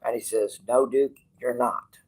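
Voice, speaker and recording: A man's voice: mid-range voice, steady tone, measured pace, darkish tone, breathy edge, low-quality recording. A man hosting his channel, telling a personal story to viewers in a rambling, casual way, quoting others and swearing freely. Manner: rambling, restarts, quotes others in dialogue, swears. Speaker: channel host.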